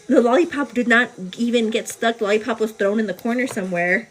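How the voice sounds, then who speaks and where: A woman's voice: a little high, fast. A young woman vlogger telling a story casually, acting it out with gasps and cries. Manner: animated, acts out the scene with cries and gasps.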